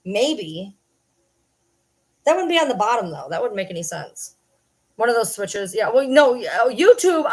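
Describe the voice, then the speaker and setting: A woman chatting casually on a livestream from her desk at home. She rambles, swears freely and pokes fun at herself while she talks to her viewers and her dog. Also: medium pitch. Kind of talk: casual live-stream chat.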